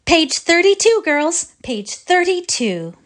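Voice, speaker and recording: A woman reading as a brisk, emotional music teacher who breaks into snatches of a school song. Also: sits high, expressive, pitched above the performer's own voice. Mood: elated. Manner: sings phrases of a school song aloud.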